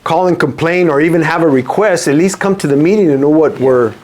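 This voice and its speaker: Chatty interviewer man, raised pitch. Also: a little fast, a little mellow, a little hiss or hum. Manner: agreeable, chimes in with short affirmations. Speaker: interviewer, boxing referee. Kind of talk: casual interview chat.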